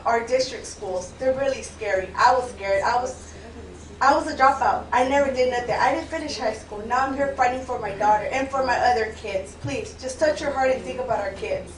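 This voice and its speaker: A woman in her thirties from Richmond, California pleads heartfully with a board. Her voice sits a little high. It carries from a distance with a roomy echo and faint noise. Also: a little fast. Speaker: parent giving public comment. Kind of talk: emotional public testimony. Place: public board meeting room. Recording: echoey meeting room from far off.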